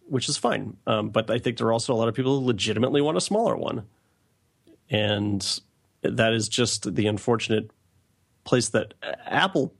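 A man's voice: medium pitch, vocal fry, a bit bright, breathy edge. A man co-hosting a podcast, chatting casually and laughing often over a Skype call. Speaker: podcast co-host. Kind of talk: casual chat.

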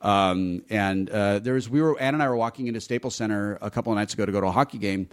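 A man's voice: lowish voice, quick pace. A middle-aged man telling stories in casual chat, candid and profane, laughing often. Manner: candid storyteller, swears freely, laughs often.

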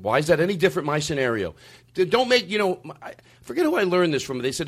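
A man hosting a podcast, delivering a comedic, profane rant in casual chat. His voice sits high for a man and swoops all over the place. He hammers his points home with heavy emphasis. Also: sing-song, fast, fairly bright tone, husky.

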